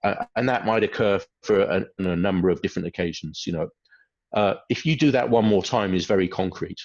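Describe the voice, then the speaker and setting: A man's voice: deep voice, brisk, a little mellow. A man giving a webinar lecture, speaking hesitantly with many fillers. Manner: hesitant, many fillers, acts out quoted phrases. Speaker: webinar presenter on behaviour. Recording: dull lo-fi webinar audio.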